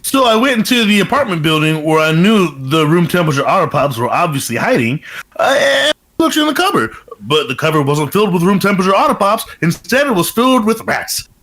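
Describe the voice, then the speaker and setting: A man co-hosting a podcast, telling an improvised story in a jokey, animated way. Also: high-pitched, a little fast. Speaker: podcast co-host. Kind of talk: casual improv storytelling chat.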